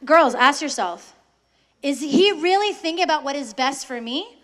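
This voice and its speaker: High-voiced woman giving a lively faith talk. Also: moderate pace. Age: young adult. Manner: lively, acts out quoted voices, asks the audience questions. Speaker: guest speaker to high school students.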